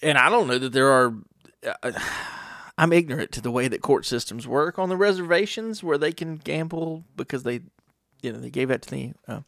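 A middle-aged man talks through a rambling, wry podcast monologue and slips into mock voices. His voice is gravelly at a middle pitch. The recording is dry and close. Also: animated, normal speed, fairly bright tone, no echo. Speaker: podcast host. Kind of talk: casual monologue.

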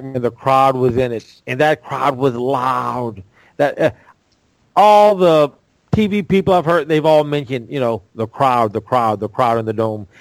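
A man co-hosting casual sports talk, halting and repeating words as he thinks. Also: on the high side, no echo, low-quality recording. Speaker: co-host.

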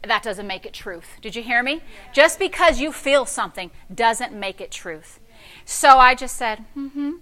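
Preaching at a measured pace, a middle-aged woman pastor whose voice sits on the high side recounts a story in her sermon. She moves between quiet and loud with sassy, animated flair.

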